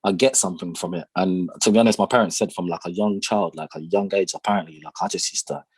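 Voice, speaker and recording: A man's voice: deep voice, steady tone, fast, husky, no echo. A young man from North London with a London accent, chatting easily as a podcast guest, full of fillers and restarts. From North London, England. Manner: laid-back, lots of fillers and repeated starts, laughs often. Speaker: podcast guest, songwriter and producer. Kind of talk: casual conversation.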